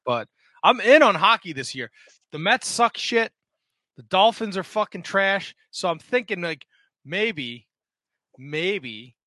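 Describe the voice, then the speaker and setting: A man co-hosting a casual podcast with a bright, fairly high voice. He rambles and swears his way through sports banter. The sound is dry and close. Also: dry recording. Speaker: podcast co-host. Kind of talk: casual chat.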